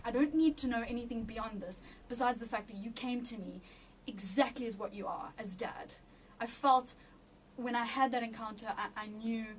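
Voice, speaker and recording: A woman with a high voice shares a personal faith testimony, halting and restarting as emotion rises close to tears. She sits a little back from the mic, with a faint hum of room ambience behind her. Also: recorded from a distance. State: near tears. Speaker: interview guest.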